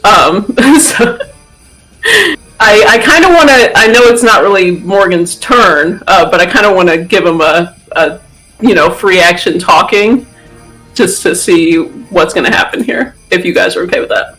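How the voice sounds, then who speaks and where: A man's voice: sits high, unhurried, bright, forceful tone, soft background music, rough recording. A man narrating as game master of a tabletop game, chatty and laughing, with many fillers.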